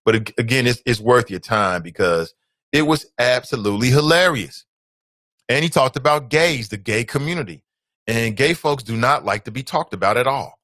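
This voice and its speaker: A man hosting his own talk show, delivering a casual, emphatic monologue full of asides that breaks into loud, high-pitched outbursts. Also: animated, moderate pace, no echo, clean studio sound. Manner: conversational asides and fillers.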